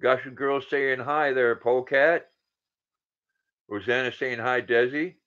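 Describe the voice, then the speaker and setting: A man's voice: medium pitch, unhurried, fairly bright tone. A man in his sixties hosting a casual livestream, greeting viewers by name and reading their comments aloud. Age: 60s. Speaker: livestream host. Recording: dull lo-fi sound.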